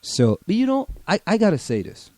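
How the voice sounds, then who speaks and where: Trinidadian man, co-host, stammering and defensive, slightly high voice. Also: huge pitch swings, a little fast, darkish tone, no room sound. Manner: stammering, repeats words while defending himself. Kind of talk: casual chat.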